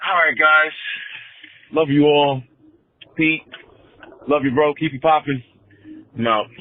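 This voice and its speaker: A man in his forties, a caller on a sports talk show, ranting angrily about his team with swearing and loud outbursts. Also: fairly high pitch, slow pace, slight background noise. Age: 40s. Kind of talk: angry sports fan rant. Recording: tinny phone line.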